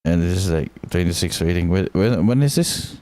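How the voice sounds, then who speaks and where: A man's voice: low-pitched, expressive, moderate pace, mellow, no room sound. A man streaming live, chatting casually and thinking aloud, swearing freely and filling his talk with "like".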